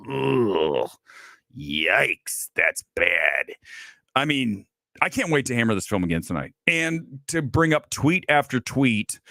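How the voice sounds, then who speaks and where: A man's voice: mid-range voice, fairly bright tone, no echo, studio quality. A man hosting a casual film talk show, ranting bluntly and sarcastically, swearing freely. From Los Angeles area resident. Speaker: host.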